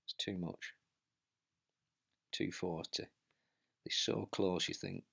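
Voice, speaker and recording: A man's voice: sits low, steady tone, slow pace, creaky, a bit bright, slightly rough. A man commentating on his own indoor bike race as he rides, out of breath and urging himself on. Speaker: cycling vlogger. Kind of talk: live race commentary while riding.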